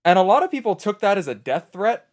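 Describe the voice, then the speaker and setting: Guy rambling thru a story from his game night, kinda high voice, quotes everybody. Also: very animated, fast talker. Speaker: streamer in a roleplay server. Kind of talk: casual storytelling chat.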